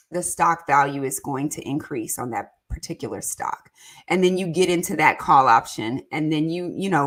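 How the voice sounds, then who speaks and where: A woman hosting a casual personal-finance livestream, chatting with viewers and reading their comments aloud between warm, talkative tangents full of fillers. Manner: chatty and warm, with fillers and quick jumps in pitch.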